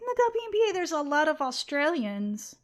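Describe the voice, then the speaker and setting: A young woman co-hosting a casual gaming podcast, chatty and quick to laugh. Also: high voice, very animated. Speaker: podcast co-host.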